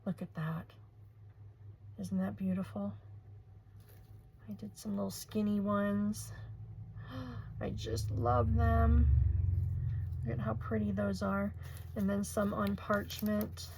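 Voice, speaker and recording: An older woman in her sixties chats unhurriedly as she crafts at home, gushing over pretty materials. Her voice has a gravelly edge, and a faint hiss sits under the recording. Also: medium pitch, flat delivery, measured pace, long pauses, darkish tone, rough recording. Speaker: crafting channel host. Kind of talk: casual crafting tutorial chat.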